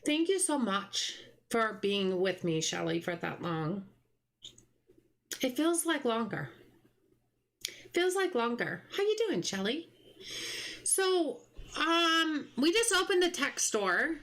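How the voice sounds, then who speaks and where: A woman's voice: on the high side, very animated, takes it slowly, long pauses, fairly bright tone. A woman streaming a game live, chatting casually, musing aloud as she plays and greeting viewers from chat.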